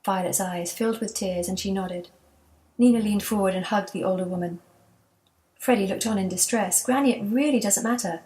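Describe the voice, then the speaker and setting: A woman narrating a children's chapter book in a steady, gentle storytelling manner. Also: mid-range voice, normal speed. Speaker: audiobook narrator.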